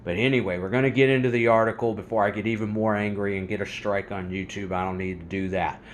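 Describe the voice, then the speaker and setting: A man's voice: fairly low pitch, steady tone, fast, a little hiss or hum. Angry ranting male vlog host. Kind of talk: religious commentary vlog.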